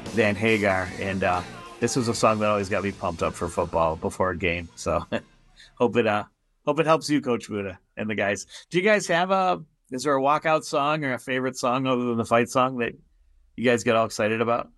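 A man hosting a casual radio sports show, chatty and quick to laugh at his own slips. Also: fairly low pitch, a bit bright, faint music behind.

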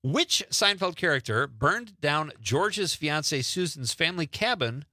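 A man's voice: fairly high pitch, very animated, unhurried, sharp tone, dry recording, studio quality. A man hosting a radio quiz segment, upbeat and teasing, laughing often. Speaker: radio show host.

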